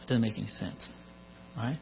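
A man's voice: lowish voice, moderate pace, vocal fry. A middle-aged man preaching a sermon in a conversational way, with joking asides, on a muffled recording with mains hum.

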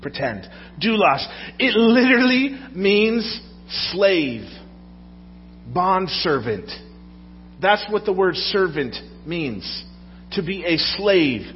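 A man's voice: sits high, big pitch swings, slow pace, a little hiss or hum. A man preaching a sermon to a congregation in a conversational way, often asking the audience questions. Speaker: pastor. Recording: dull sound with long hall reverb.

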